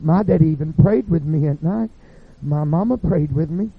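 A man's voice: a little high, moderate pace, slightly rough. A man voicing a young man pleading before God at judgment, his voice rising as he begs. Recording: tinny phone-like sound.

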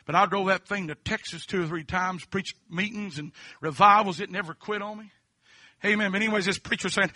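A high, sharply bright male voice, telling his testimony from the pulpit. He spins a folksy story, drops amens throughout, and flips between hushed asides and full shouting. The sound is close and dry. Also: fairly even intonation, brisk, dry recording. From Kentucky. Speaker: preacher. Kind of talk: sermon testimony.

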